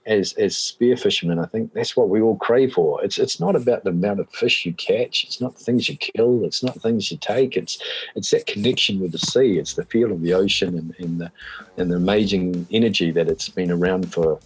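Brief: New man, very low and husky voice, laid-back rambling guest, plenty of "you know". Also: normal speed, rough recording. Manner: relaxed, rambling with many fillers and restarts. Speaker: guest, spearfisherman. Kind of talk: casual conversation.

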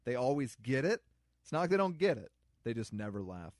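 A man's voice: medium pitch, sing-song, fairly quick, a little mellow, no room sound, clean studio sound. A man co-hosting a casual film commentary podcast, a joking storyteller who slips into silly voices. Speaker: podcast co-host.

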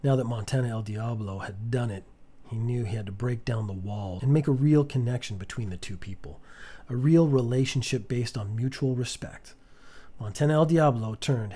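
A man tells a comic choose-your-own-path story in a dry, mock-solemn tone. His voice is husky, sitting at an ordinary male pitch. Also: normal speed, warm tone. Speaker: podcast storyteller.

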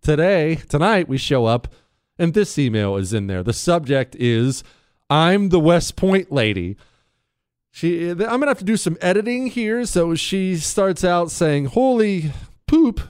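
Talk radio host, male, animated and wisecracking, close dry studio mic. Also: a little high, a little slow, clear, resonant tone, no room sound. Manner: animated, joking, mock-indignant. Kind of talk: talk radio monologue and reading listener emails.

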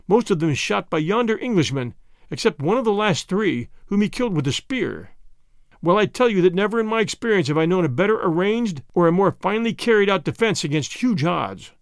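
A man voicing a respected frontier leader of high character who speaks emphatically and with praise in a storybook reading. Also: no echo, clean studio sound. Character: hearty older frontier leader, warm and admiring.

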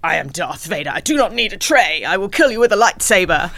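A woman voicing a pompous male space villain fussing over his lunch in a comic retelling, with a high, mock-grand delivery. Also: very animated, fast talker, creaky, fairly bright tone, no room sound, heavily acted. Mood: haughty.

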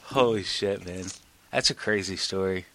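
A man's voice: low-pitched, moderate pace. A man co-hosting a casual podcast, reacting with profane disbelief and retelling the story. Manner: profane, animated, laughs at the story. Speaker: podcast co-host. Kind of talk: casual chat.

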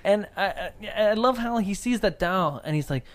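A podcast co-host who recaps a movie with animated storytelling and frequent laughs. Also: mid-range voice, moderate pace. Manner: animated storyteller, laughs often, acts out lines. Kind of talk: casual movie-recap chat.

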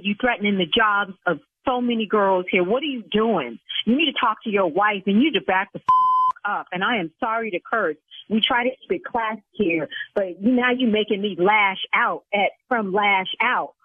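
A woman's voice: mid-range voice, moderate pace, slightly rough, no room sound. A woman from the South Side of Chicago, a salon owner who speaks in an indignant, exasperated, defensive way and swears, over the phone. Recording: tinny phone line.

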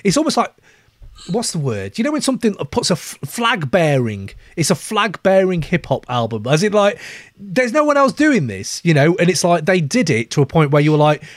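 An excitable man hosts a casual album-review podcast. His fairly high voice swings widely in pitch as he laughs and enthuses. The sound is dry and close. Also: moderate pace, no room sound. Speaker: podcast host.

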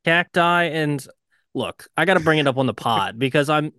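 Smooth-voiced enthusiastic male podcast co-host. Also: fairly high pitch, expressive, normal speed, fairly bright tone, no room sound, clean studio sound. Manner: enthusiastic, joking. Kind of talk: casual sports podcast chat.

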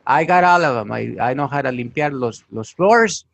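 A man's voice: mid-range voice, animated, moderate pace, gravelly, fairly bright tone, no room sound. A man voicing an older Mexican uncle with a heavy Mexican Spanish accent, calling about a nanny job and bragging about his skills. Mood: boastful. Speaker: podcast co-host.

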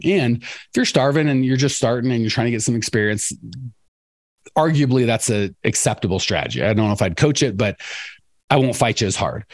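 A middle-aged man, a podcast coach, talking casually and acting out quotes by jumping up in pitch. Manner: animated storyteller, acts out quotes in a raised voice. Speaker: coach and podcast host for cleaning business owners.

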